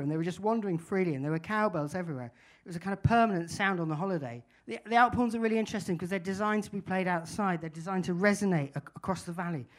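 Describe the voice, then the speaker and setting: Wry man telling a story. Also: high voice. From England. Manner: wry, anecdotal, musing. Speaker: speaker. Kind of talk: storytelling talk.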